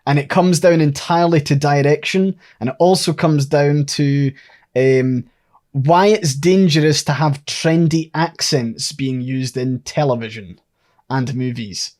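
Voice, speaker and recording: A man's voice: a little high, unhurried, a little mellow. A man co-hosting a podcast who thinks aloud and lays out his theories at length in a casual chat. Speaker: podcast co-host.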